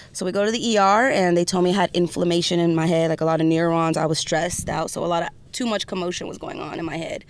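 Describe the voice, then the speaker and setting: A young woman from Orange County telling her story as an interview guest, animated and quoting others. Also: on the low side, smooth. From Orange County, California.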